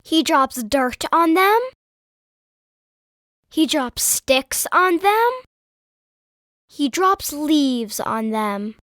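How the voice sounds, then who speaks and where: A woman reading activity answers for children, slow and careful. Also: sits high, expressive, a bit bright, no room sound, studio quality. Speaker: lesson co-presenter answering activities.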